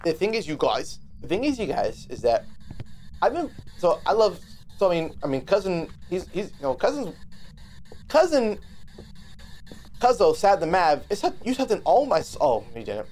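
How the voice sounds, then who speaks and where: A man streaming a ghost-hunting game, talking to his viewers in an excitable, rambling way, swearing and trailing off into restarts. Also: sits high, normal speed, slight background noise. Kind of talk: live gameplay commentary.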